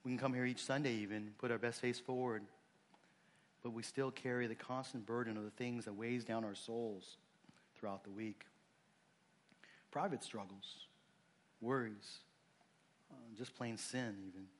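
A man preaching a sermon, earnest and conversational, dropping low and soft on emotional points and rising when he stresses a point. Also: fairly even intonation, normal speed, pauses often. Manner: conversational asides and restarts. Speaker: pastor.

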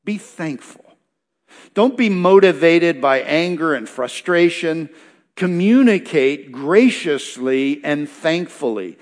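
A man with a fairly high voice delivers a sermon, reading verses and unpacking them phrase by phrase. His delivery is emphatic and repetitive, building points in short punchy lines. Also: lively intonation, slow pace. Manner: expository preaching, reads verses then explains, emphatic repetition. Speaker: pastor.

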